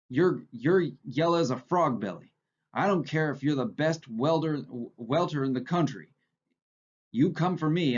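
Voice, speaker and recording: A man's voice: fairly high pitch, lo-fi sound. A man reading aloud, voicing a coarse ranch hand who taunts scornfully.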